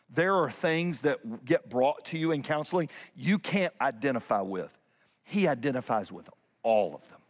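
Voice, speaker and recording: A male pastor delivering a sermon in a church, driving points home with repeated refrains and shifting his pace between rushed and drawn-out. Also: a little high, in a large hall. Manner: emphatic preaching with repeated refrains, speeding up and slowing down. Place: church sanctuary.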